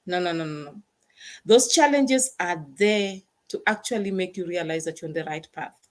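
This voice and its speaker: A woman's voice: on the low side, expressive, moderate pace. Woman, host, motivational talk, emphatic, repeats words for stress.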